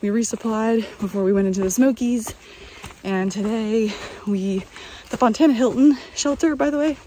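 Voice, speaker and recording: A woman's voice: fairly high pitch, normal speed, dark tone, low-quality recording. Woman from north carolina rambling into her phone on a mountain trail, faint noise around. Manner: chatty, upbeat, loose and rambling. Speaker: vlogger. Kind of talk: casual on-the-go vlog talk. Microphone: handheld phone.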